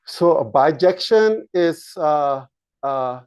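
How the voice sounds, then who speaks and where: A man lecturing a university math class, slow and halting, with frequent fillers and restarts while he draws on the board. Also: on the high side, lively intonation, darkish tone, smooth, dry recording. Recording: dull lo-fi lecture capture.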